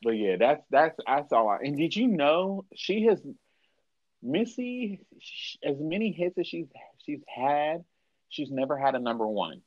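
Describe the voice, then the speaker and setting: A man's voice: fairly high pitch, sing-song, a little slow, no echo, muffled recording. A man in his early thirties co-hosting a podcast, chatting casually and rambling with many restarts and self-corrections. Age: early 30s. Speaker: podcast co-host. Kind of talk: casual chat.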